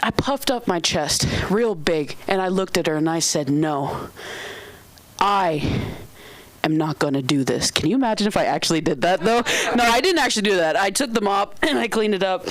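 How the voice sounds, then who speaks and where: A young woman performs stand-up on a club stage, narrating an animated workplace story into a handheld mic. Her voice sits mid-range, and she laughs at her own lines. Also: medium pitch, fairly quick, few pauses, no room sound. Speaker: stand-up comedian. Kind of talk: stand-up comedy set.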